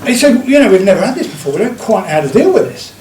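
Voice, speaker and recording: A man's voice: high voice, sing-song, racing, darkish tone, slight background noise. A man telling jokes to a live pub audience, rambling and chuckling at his own punchlines. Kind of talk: live stand-up joke telling. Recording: echoey room, distant mic.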